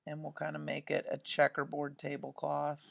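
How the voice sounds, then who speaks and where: A woman's voice: low voice, completely flat delivery, moderate pace, gravelly. A woman art teacher talks students through a drawing demonstration, chatty and often checking in with "right?".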